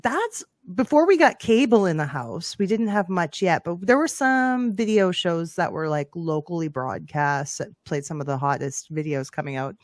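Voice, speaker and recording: A woman's voice: fairly low pitch, animated, normal speed, few pauses, no echo. A woman from Canada, a podcast guest, telling stories of her youth in an upbeat, chatty way with easy laughter. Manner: upbeat storytelling, laughs easily. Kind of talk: casual chat.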